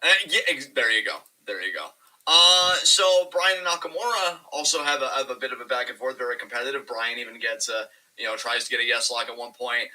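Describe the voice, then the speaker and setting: A man co-hosting a casual wrestling review podcast, talking in an animated, profane and rambling way. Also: mid-range voice, a little fast, rough recording. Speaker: podcast co-host.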